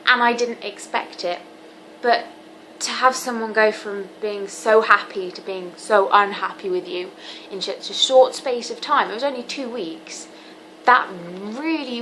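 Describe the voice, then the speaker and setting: A seventeen-year-old woman talking candidly to camera in a personal vlog, earnest and halting with frequent ums. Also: a little high, pushed and bright, slight background noise, rough recording. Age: teens. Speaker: vlogger.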